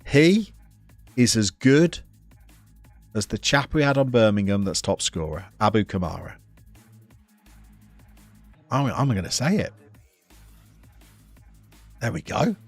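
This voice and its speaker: A man's voice: fairly low pitch, very animated, unhurried, long pauses, faint music behind. Chatty man streaming a game. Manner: chatty and playful, talks to the players and the chat. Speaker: streamer playing a football management game. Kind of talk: live gameplay commentary.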